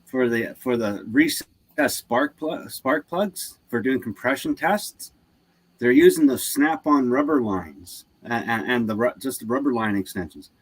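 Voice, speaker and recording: A man's voice: medium pitch, expressive, measured pace, husky. Canadian guy rambling about engine work, lots of restarts. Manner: rambling, restarts, laughs often. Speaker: live stream host. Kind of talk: casual chat about car repair.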